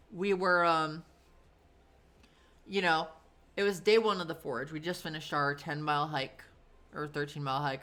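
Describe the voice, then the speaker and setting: A woman's voice: sits low, pushed and bright. A woman in her thirties streaming from home, telling stories in a chatty, rambling way, full of fillers and casual swearing. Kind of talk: casual storytelling on a live stream.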